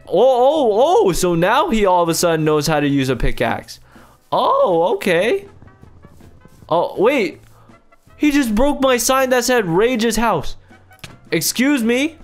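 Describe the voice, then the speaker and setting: High, lively young man ranting over gameplay. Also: takes it slowly, long pauses, soft background music. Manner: exasperated, loud outbursts, addresses viewers as guys. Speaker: YouTuber playing a video game. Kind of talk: excited gameplay commentary.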